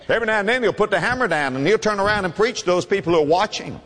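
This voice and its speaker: A man preaching a sermon with impassioned, pleading delivery that swings from loud to hushed. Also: high voice, lively intonation, very fast, few pauses, big-room sound.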